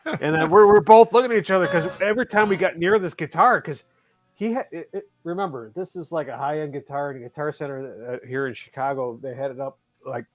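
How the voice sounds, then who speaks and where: Animated storytelling man, slightly high. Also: brisk, soft background music. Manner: animated storyteller acting out quotes. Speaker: host. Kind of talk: casual chat. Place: Chicago.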